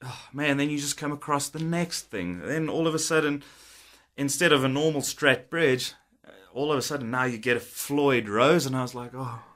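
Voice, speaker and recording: A man's voice: medium pitch, moderate pace, fairly bright tone. A man in his thirties, a guitar technician, casually telling a story to camera. He is chatty, laughs often and acts out old conversations.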